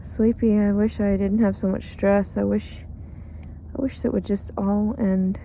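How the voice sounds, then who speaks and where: A woman's voice: medium pitch, flat delivery, unhurried, dark tone, a little hiss or hum. A tired, cranky woman rambling in a bitter, crude, profane monologue outdoors. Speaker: pregnant homeless woman.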